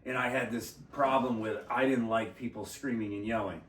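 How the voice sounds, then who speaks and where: A man telling a crude story in casual talk, swearing a lot, laughing and shouting out the lines he quotes. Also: medium pitch, steady tone, moderate pace. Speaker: podcast guest telling a story. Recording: echoey room from far off the mic.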